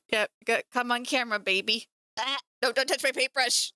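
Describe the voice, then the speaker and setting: A woman streamer chats playfully while she paints at home, her voice bright and crisp. The sound is close and dry, with no room around it. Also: fairly high pitch, moderate pace, no echo. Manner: chatty and playful, teasing her cat. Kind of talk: casual live-stream chat.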